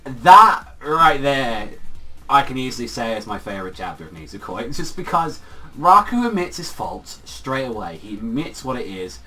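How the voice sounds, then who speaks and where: A man's voice: medium pitch, big pitch swings, brisk, bright, forceful tone. Gushing young man, rambling review. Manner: rambling, filler-heavy, swears freely, gushing. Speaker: anime and manga reviewer. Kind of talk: casual spoken video review. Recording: far from the mic, faint music behind.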